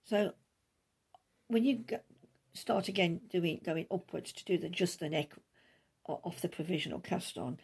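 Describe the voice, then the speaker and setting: A middle-aged woman talks casually about her knitting at home, rambling along with plenty of asides. Her low-ish voice has a gravelly, slightly husky grain. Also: darkish tone. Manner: rambling, chatty, talks quickly with many asides. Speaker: knitting podcast host. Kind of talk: casual chat.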